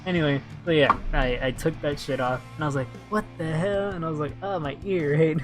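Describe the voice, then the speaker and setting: A man's voice: fairly high pitch, fast talker, faint music behind. Rambling, swearing young man streamer. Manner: rambling storyteller, swears freely. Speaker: gaming streamer. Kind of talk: casual chat while playing.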